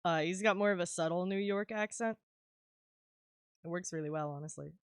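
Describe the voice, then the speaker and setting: Chatty woman streamer drawing and talking, lowish voice, swears a lot, dry close sound. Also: normal speed, clear, resonant tone, no echo. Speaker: artist streamer. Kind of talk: casual chat while drawing.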